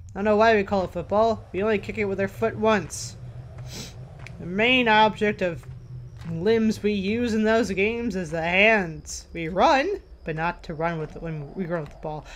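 A woman commentating a horror game as she plays, a little tired, jumpy and swearing as she jokes to herself. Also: medium pitch. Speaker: let's play gamer.

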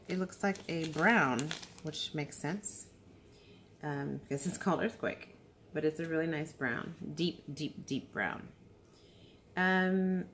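A low-voiced beauty vlogger, worn out after being awake a long time, chats casually through an unboxing. She rambles with lots of ums and restarts. A slight hiss or hum runs under the audio.

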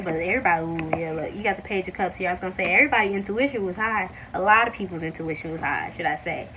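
A woman giving a casual tarot reading to her viewers, talking warmly to them as y'all and breaking into excited exclamations. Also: fairly low pitch, far from the mic, a little hiss or hum, low-quality recording. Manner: excited, animated bursts with drawn-out exclamations; addresses viewers as y'all, many fillers. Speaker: tarot reader.

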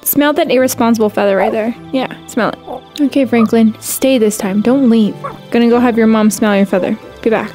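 A woman giving casual, sassy commentary while playing a game, scolding the in-game birds and squealing when excited. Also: fairly high pitch, normal speed, soft background music. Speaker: gaming YouTuber.

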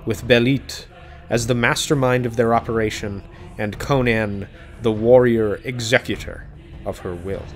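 A man reviewing a book, retelling its plot in a plain, steady scripted narration. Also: on the low side, slight background noise. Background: soft background music.

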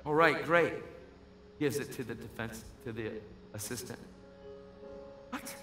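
A man preaching a sermon, telling a story with acted-out voices and building to shouts. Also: mid-range voice, a little slow. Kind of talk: sermon testimony. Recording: echoey hall with faint music.

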